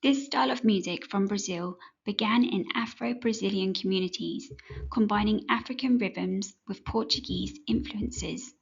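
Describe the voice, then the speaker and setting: A woman narrating a children's music lesson in a clear, measured, instructive way. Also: medium pitch, dull audio. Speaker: music teacher. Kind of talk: scripted educational narration.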